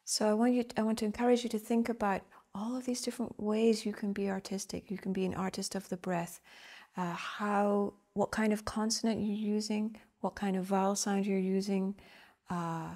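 A woman teaching the flute, explaining gently and reflectively with vivid images. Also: mid-range voice, little pitch movement, normal speed. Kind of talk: instructional explanation.

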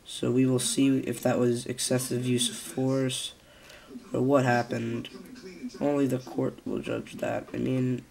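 Nasal, flat-voiced young man vlogging. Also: mid-range voice, vocal fry. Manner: hesitant, many fillers and restarts. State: a little sick. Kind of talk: casual spoken commentary.

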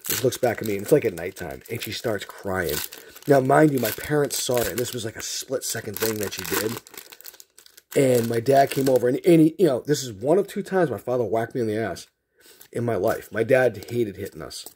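Background noise accompanies a middle-aged man from Massachusetts as he hosts a card-opening video at a medium pitch and a slightly quick pace. Between packs he tells a long childhood story, rambling and animated, with lots of fillers.

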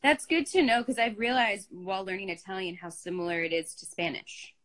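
A woman's voice: medium pitch, a little fast, a bit bright. A woman hosting a casual live chat on a video call, bubbly and giggly and full of "like". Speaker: host.

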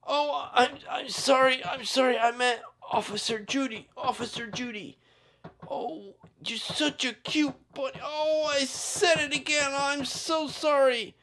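A woman's voice: sits high, unhurried, a bit bright. Woman doing gushing donut-loving cheetah cop. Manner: gushing, apologetic. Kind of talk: toy play with voices.

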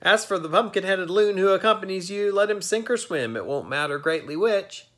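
A gruff, unkind ferryman from a storybook, as a man puts him on. He mocks and scorns in a raised, lively voice. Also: high-pitched, a little fast, voice pushed up. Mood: scornful. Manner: mocking, scornful.

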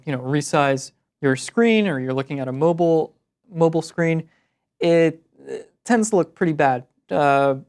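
A man co-hosting a web development show, explaining tools in a relaxed way. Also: a little high, clean tone. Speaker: co-host. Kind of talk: casual tech show chat.

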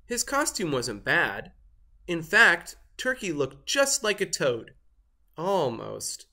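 A reader narrating a children's picture book aloud in an expressive, sing-song way. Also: medium pitch, slow pace. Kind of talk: storybook read-aloud narration.

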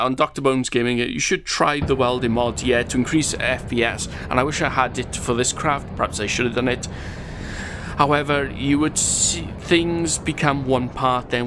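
A man's voice: mid-range voice, a bit bright. Chatty gamer narrating his play. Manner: chatty and rambling, chuckles at his own jokes. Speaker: gaming channel host. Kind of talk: casual gameplay commentary reading viewer comments.

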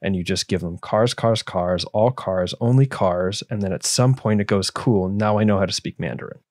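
A man's voice: deep voice, normal speed, a little mellow, dry recording, clean studio sound. A man hosting a podcast, asking long rambling questions full of fillers. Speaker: podcast host. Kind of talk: conversational interview.

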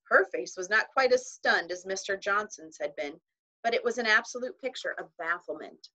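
A woman narrates a children's novel aloud in a measured storytelling manner, with voices for its characters. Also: mid-range voice, expressive, pushed and bright, rough recording. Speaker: audiobook reader.

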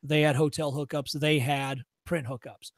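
Male workshop presenter, high voice, dry sound; blunt, profane, tough-love delivery. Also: flat delivery, dry recording. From Chicago area. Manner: acts out shopkeepers in quick voices. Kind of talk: workshop lecture.

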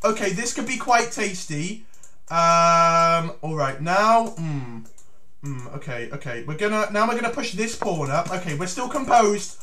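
A man giving theatrical, excited commentary on his own chess game as he plays, breaking into shouts. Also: fairly high pitch, unhurried. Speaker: chess YouTuber.

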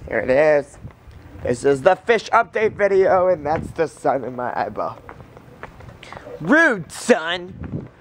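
Excitable rambling young guy vlogging. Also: fairly high pitch, moderate pace, a little hiss or hum. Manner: rambling, excitable and jokey, with laughs. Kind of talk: casual vlog chat. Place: in a car, then indoors at home by a fish tank.

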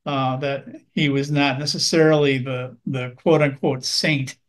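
A man reviewing films in a measured, earnest way, with many small ums and uhs. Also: mid-range voice, flat delivery. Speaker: film critic. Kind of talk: film review chat.

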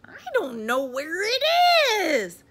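Woman doing a squealing, excitable little boy frog. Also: high voice, slow, voice pushed up, full character voice. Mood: whiny. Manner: squealing, shouting with glee.

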